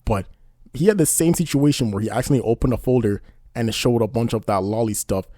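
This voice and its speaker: Fast-talking indignant male commentator. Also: medium pitch, dark tone, no echo, studio quality. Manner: indignant, rambling, repeats "you know what I mean". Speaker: commentary YouTuber. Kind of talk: casual commentary.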